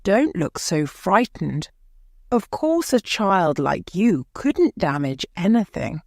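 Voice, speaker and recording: A woman reading aloud voices a sad, absent-minded uncle, low-pitched, slow and weary but kind. The reading is dry and close. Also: big pitch swings, a little mellow, no echo, full character voice. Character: sad, distracted older uncle.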